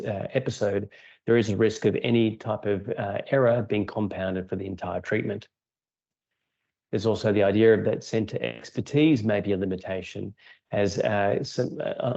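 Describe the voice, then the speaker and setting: A man, a radiation oncologist giving a measured, technical conference talk over a video call. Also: on the low side, warm tone. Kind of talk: prepared conference lecture. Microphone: remote video call. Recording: dull lo-fi video call audio.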